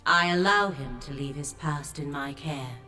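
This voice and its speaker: An actress voicing a grave, ancient sea goddess in a video game, speaking in a solemn, measured, commanding way. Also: female voice, low-pitched, sharp tone, soft background music. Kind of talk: game voice acting.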